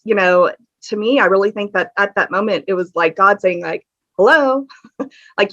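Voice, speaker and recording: A woman's voice: medium pitch, fairly bright tone. Woman, earnest guest storytelling on a podcast, kinda dull lo-fi sound. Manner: candid and earnest, with many fillers. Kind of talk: casual interview storytelling. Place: home room with a fan on. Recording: dull lo-fi audio.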